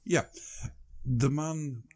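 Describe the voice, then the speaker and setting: A man's voice: fairly high pitch, drawn-out words. A man co-hosting a podcast in casual chat, rambling and joking as he tells stories. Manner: joking, rambling, lively storytelling. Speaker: podcast co-host.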